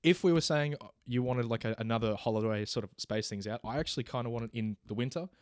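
A man's voice: mid-range voice, fast, no echo. An Australian man arguing in a casual comedic podcast debate, rambling and giggling often. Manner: giggly, rambling, breaks into laughter.

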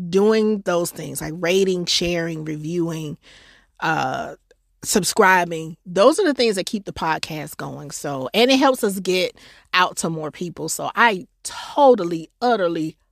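A woman hosts her podcast in a casual, effusive chat, calling her listeners her peeps. Her voice has a gravelly, fry-tinged edge. It sits close and dry on the mic, with no room around it. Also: mid-range voice, a bit bright, no echo. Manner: effusive, folksy, talks straight to listeners with endearments. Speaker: podcast host and life coach.

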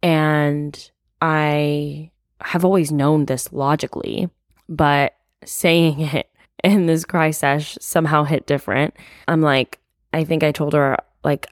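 A young woman hosts a candid solo podcast, speaking openly about her feelings in a low, fairly even voice at a slow pace. She confides freely, leaning on "like" fillers and swearing casually. The recording is dry, with clean studio sound.

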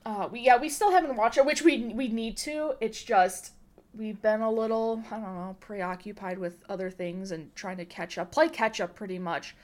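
A woman's voice: mid-range voice, moderate pace, a little mellow. A woman hosting a podcast, chatting casually and rambling with lots of fillers. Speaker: podcast host.

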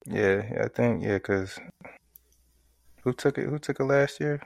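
A man's voice: mid-range voice, a little slow, vocal fry, a little hiss or hum. A man co-hosting a sports podcast in casual chat, laid-back and slangy, laughing often. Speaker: podcast co-host.

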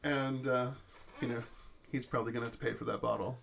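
A male game master narrates a tabletop campaign in a gravelly, creaky mid-range voice. He stumbles into restarts and fillers as he spins the scene. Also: mid-range voice, little pitch movement, fast talker, a bit bright, slight background noise. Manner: storytelling with many fillers and restarts.

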